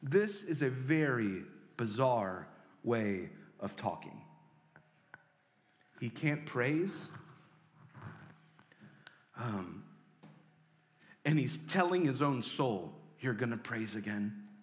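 Earnest pastor preaching in a reverberant hall. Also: male voice, medium pitch, sing-song, extremely slow, pauses often. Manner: earnest, swings between loud pleading and soft hushed lines. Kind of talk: sermon.

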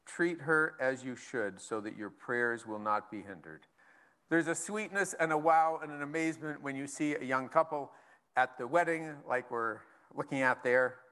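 A man's voice: medium pitch, moderate pace, bright, forceful tone, smooth. A man preaching a sermon as pastor, casual and conversational, reading scripture aloud between asides.

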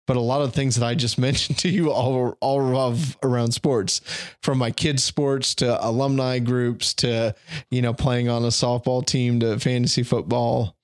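A man's voice: medium pitch, steady tone, a little slow, dry recording. Reflective middle-aged man, dry close mic. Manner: reflective, thorough, self-deprecating. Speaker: podcast guest. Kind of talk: casual conversational interview.

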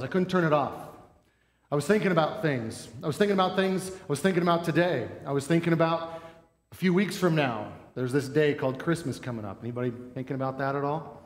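Man preaching in an echoey church hall. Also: on the high side. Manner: conversational storytelling with self-deprecating humor. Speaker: pastor. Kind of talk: sermon. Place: church sanctuary. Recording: echoey hall with long reverb.

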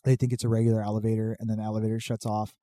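A man tells a prank story in relaxed chat, switching voices as he plays each person in it. His pitch jumps around, and the close microphone leaves almost no room sound. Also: very fast, no room sound. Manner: animated storyteller acting out both sides of a prank. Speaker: podcast guest telling stories. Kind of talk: casual chat.

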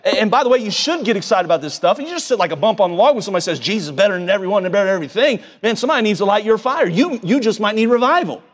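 A man delivers a sermon at a rapid clip, his voice pitched high. He talks in a folksy, excitable way, stumbling over and repeating his words. The sound carries a long hall reverb. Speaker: preacher.

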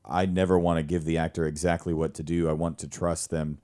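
A man, a stage actor and director, chatting casually and telling animated stories with frequent laughter. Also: rumbling low, brisk. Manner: animated storyteller, laughs often. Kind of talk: casual conversation.

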